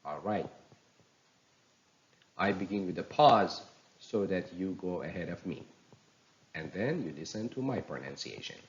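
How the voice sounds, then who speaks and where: A man teaching English pronunciation, reading practice words slowly and clearly for learners to repeat. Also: sits low, expressive, muffled recording, a little hiss or hum. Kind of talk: slow teaching with drills.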